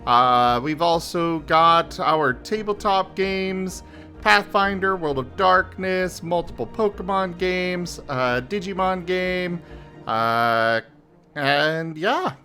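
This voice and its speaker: A young man hosts a live game stream in a high, bright voice that swings widely in pitch. He talks slowly and casually, dropping fillers and laughing often, with faint music playing behind him. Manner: chatty, laughing, trails off with fillers. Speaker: streamer host.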